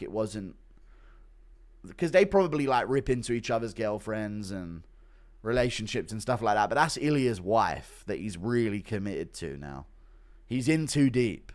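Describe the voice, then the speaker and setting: A man's voice: medium pitch, very animated, moderate pace. Blunt, rambling male streamer. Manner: blunt, swears often, rambling with many fillers. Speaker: streamer reacting to MMA news. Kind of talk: casual livestream commentary reading donations.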